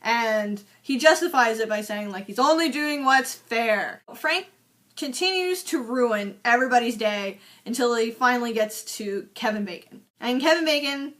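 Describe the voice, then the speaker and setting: A young woman recaps a film for a casual vlog, chatty and sarcastic, dropping "like" and swear words throughout. Her voice is fairly high, fairly bright, and animated at normal speed.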